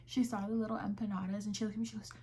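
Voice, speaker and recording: A young woman chats casually about her crochet business, retelling conversations with plenty of fillers. Her voice is mid-pitched with a gravelly fry running through it. Faint noise sits behind her. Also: flat delivery, racing, a little mellow. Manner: chatty, with fillers and quoted dialogue. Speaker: crochet vlogger. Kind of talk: casual chat.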